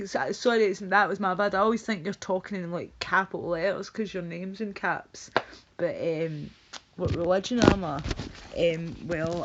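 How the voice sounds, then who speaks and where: Low-voiced woman chatting on a lo-fi stream. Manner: rambling, chatty, laughs often. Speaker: livestreamer. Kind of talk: casual chat, reading chat messages aloud. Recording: dull lo-fi stream audio.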